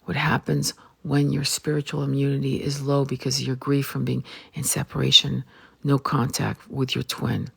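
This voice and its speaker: A woman's voice: extremely low pitch, little pitch movement, moderate pace, creaky, a bit bright, husky. A woman tarot reader giving a blunt, emphatic spiritual vlog monologue and swearing freely.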